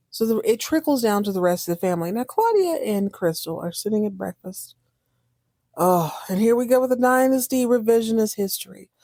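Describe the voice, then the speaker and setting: A sassy, animated woman recaps a TV drama in casual commentary, her voice warm and mellow. She breaks into exaggerated voices. The sound is dry and close. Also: a little high, no echo. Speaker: podcast host recapping a TV drama.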